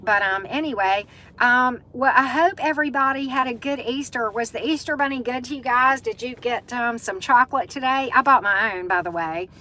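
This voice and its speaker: On a low-quality recording, a middle-aged Southern US woman with a fairly high, bright voice and a forceful tone speaks at a moderate pace. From the Southern United States, she runs a casual live stream, welcoming viewers by name and filling her speech with fillers.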